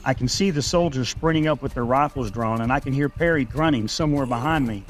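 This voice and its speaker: Male storyteller, mid-range voice; steady, measured first-person narration. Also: mid-range voice.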